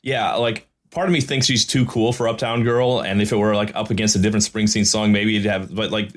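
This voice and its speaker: Lowish voice guy from ny suburbs, sick, laid-back podcast chat with lots of "you know". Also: steady tone, fairly quick. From New York suburbs. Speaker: podcast co-host. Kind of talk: casual chat.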